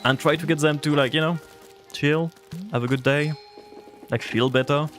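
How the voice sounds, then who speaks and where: A man's voice: fairly high pitch, fairly even intonation, moderate pace, a bit bright, soft background music. A man streaming a game live, chatting casually and answering his viewers' chat, rambling with lots of filler words. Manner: rambling, heavy use of "like" fillers; reacts to and answers chat aloud.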